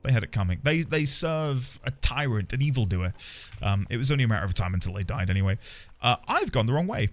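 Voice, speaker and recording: Quick and sing-song, a mid-range male voice rambles through casual gameplay commentary on a stream. He's playful and pokes fun at himself. There's game music in the background.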